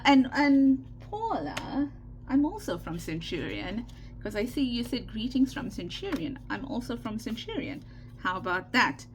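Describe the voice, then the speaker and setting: A craft channel host, a woman with a South African Indian accent and a voice on the high side, leads a casual tutorial. She's chatty, tends to repeat herself, and keeps checking in with "okay." A faint hiss or hum is audible.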